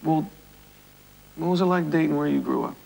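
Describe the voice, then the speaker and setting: A man's voice: a little high, normal speed, creaky, darkish tone, low-quality recording. A man from New Jersey, a guest in a TV comedy sketch, cracking wry self-mocking jokes. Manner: wisecracking, self-mocking, chuckles. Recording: hissy, clicky old TV broadcast.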